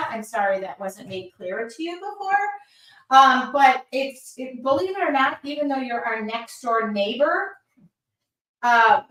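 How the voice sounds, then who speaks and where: A woman's voice: high-pitched, fairly bright tone, distant mic. A woman hosting a live art demo, chatting casually and reading viewer comments aloud as she paints. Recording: roomy sound, voice somewhat off-mic.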